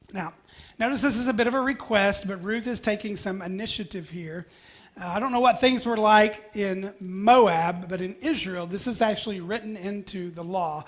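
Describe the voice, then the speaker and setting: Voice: medium pitch, fairly bright tone. Preacher, casual sermon style, chatty and folksy with jokey tangents. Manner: folksy and chatty, with humorous asides. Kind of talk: conversational sermon.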